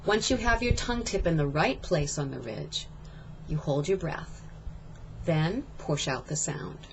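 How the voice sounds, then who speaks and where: A woman coaching pronunciation in a scripted lesson, slow and encouraging, modeling sounds for the learner. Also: deep voice, expressive, noisy background. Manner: slow, deliberate, encouraging teacher. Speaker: accent reduction coach.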